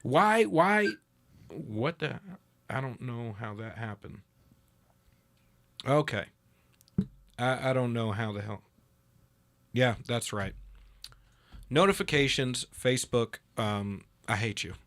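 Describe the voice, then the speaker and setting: Animated man on a political podcast. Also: mid-range voice, slow, pauses often. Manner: animated storyteller, mimics others in a raised voice. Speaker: podcast host. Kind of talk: casual political chat.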